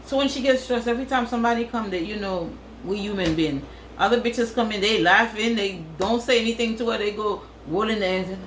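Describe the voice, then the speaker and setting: A woman's voice: mid-range voice, a little fast, echoey room, a little hiss or hum, rough recording. A woman from Africa, telling a crude story in a casual vlog and repeating phrases for effect. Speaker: vlogger.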